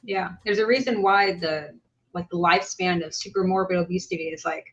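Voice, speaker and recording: A woman host talks in a relaxed, conversational way. She makes her points bluntly and without fuss. The audio is a little dull and lo-fi. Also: on the low side, fairly quick. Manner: blunt, matter-of-fact commentary. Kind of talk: casual reaction chat.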